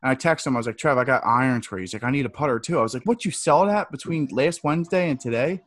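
A man's voice: medium pitch, animated, quick pace. A man, bantering loosely as a podcast co-host, joking and swearing. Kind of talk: casual chat.

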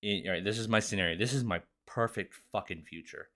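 A young man hosting a podcast, talking in a profane, rambling, excitable monologue. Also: on the low side, fast talker. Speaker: podcast host. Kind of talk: casual monologue.

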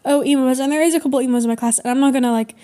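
A woman's voice: sits high, very fast, mellow. A teenage girl, rambling in casual chat with a lot of swearing and fillers. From Ireland. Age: teens. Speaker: co-host.

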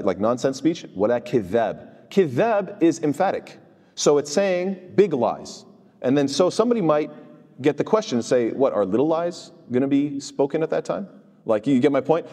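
A man's voice: medium pitch, mellow, big-room sound. A man teaching a Quran commentary class in a conversational style. He keeps asking rhetorical questions and answering them himself, and he weaves recited Arabic verses into his English explanation. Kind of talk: conversational religious lecture.

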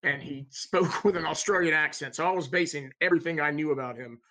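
A man's voice: fairly high pitch, quick pace. A man co-hosting a film podcast, telling rambling stories with lots of fillers. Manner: rambling, animated storyteller with many fillers. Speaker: podcast co-host. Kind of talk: casual film podcast chat.

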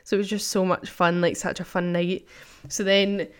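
A woman's voice: fairly low pitch, flat delivery, normal speed, smooth. Young woman, casual vlogger, rambling chatty storyteller who leans on "like". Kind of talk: casual catch-up vlog.

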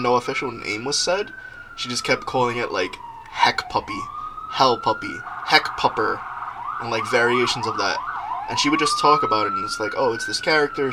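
A young man hosting a casual podcast, telling stories in an animated way and often laughing. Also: medium pitch, noisy background. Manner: laughing, animated storytelling with quoted voices. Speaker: podcast host.

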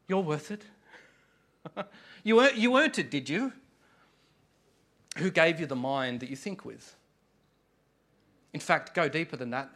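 Australian man, pastor, lively sermon, high-pitched voice, playful with dramatic pauses. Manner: humorous, animated preaching with dramatic pauses.

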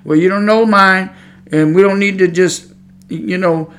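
A man's voice: high-pitched, fairly even intonation, measured pace, fairly bright tone. A man preaching a sermon on his podcast, talking in a fired-up, conversational way and repeating his points.

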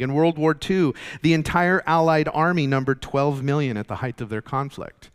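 A man's voice: fairly high pitch, fairly quick, few pauses, clean tone. A man teaching a Bible study in a conversational, explanatory way, with many fillers and restarts.

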